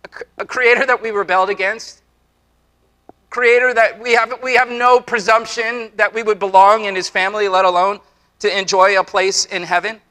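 Bright-voiced preacher man, earnest and repetitive. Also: high-pitched, steady tone, moderate pace. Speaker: pastor. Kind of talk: sermon. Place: church before a congregation.

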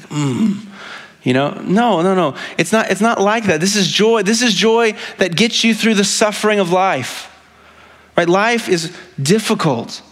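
Pastor, man, high voice, chatty earnest sermon delivery with frequent restarts. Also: a bit bright. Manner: conversational, frequently asks "right?"; speaks with rising emotion.

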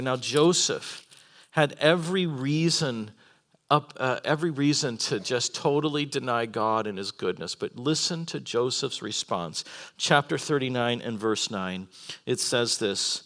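Bright-voiced man preaching a lively sermon. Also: medium pitch, unhurried. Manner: animated storytelling, acts out characters. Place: conference hall with live audience.

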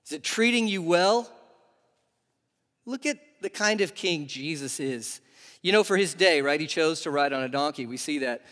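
A man's voice: fairly high pitch, normal speed. A preacher asking his listeners questions. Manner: animated, asks the audience questions. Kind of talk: sermon. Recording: long reverb of a large hall.

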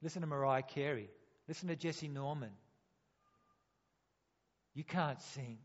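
In a church hall, a man with a fairly high voice preaches a sermon at an unhurried pace, posing rhetorical questions and acting out quotes. The sound is dull, with a long reverb from the hall.

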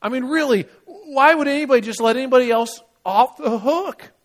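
High-voiced male pastor preaching. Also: fairly quick. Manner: conversational, asks rhetorical questions. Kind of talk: sermon.

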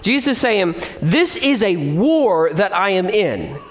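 A male pastor delivers a sermon in a high-pitched voice that rises and falls expressively. He jumps animatedly between explanation and acted-out scenes, slipping into the voices of the people he describes. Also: a little slow. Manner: animated, acts out complaining voices.

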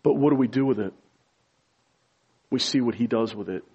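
Husky-voiced man preaching a sermon. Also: normal speed, lo-fi sound. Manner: rises to loud, high-pitched emphasis when stirred. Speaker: pastor.

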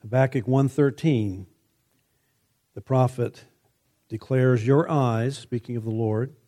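A man preaching a sermon, measured and emphatic, lifting his voice when he quotes scripture. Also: medium pitch, steady tone, warm tone.

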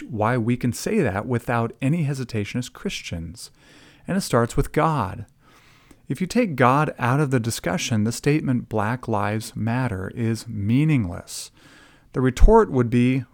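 A man hosting a commentary podcast, speaking emphatically and slowing down to stress key phrases. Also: medium pitch, darkish tone, dry recording, clean studio sound. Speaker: podcast host.

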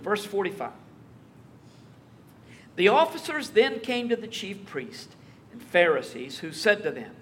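A man preaching a verse-by-verse sermon, conversational and lively with wry asides. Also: high-pitched, a little slow, pauses often. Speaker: pastor. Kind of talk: expository sermon.

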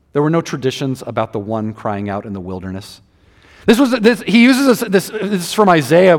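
Male preacher with a high voice, casual and lively, acts out the verses; long room reverb. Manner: conversational, animated, acts out scripture quotes. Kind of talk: sermon.

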